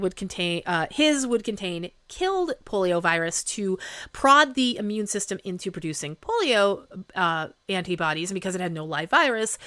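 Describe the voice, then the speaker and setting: Woman podcast host, lively wry storyteller, dry close sound. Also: medium pitch, no room sound. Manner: chatty and wry, with quick asides and filler likes. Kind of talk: casual history podcast storytelling.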